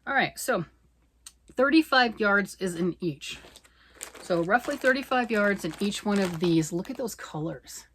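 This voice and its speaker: A middle-aged woman chatting fast and excitedly about knitting, rambling off on tangents. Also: mid-range voice, slight background noise. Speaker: knitting vlogger. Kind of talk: casual chat.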